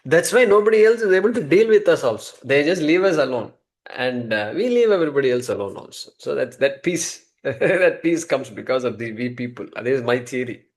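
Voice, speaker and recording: A man's voice: medium pitch, animated, brisk. Man teaching a scripture class. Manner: conversational, repeats key terms, chuckles at own jokes. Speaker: Vedanta teacher.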